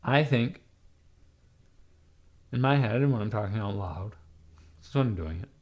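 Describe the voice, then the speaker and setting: A young man with a raspy, hoarse voice from being sick, rambling irreverently on a live stream with lots of fillers. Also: lowish voice, animated, unhurried. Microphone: webcam mic.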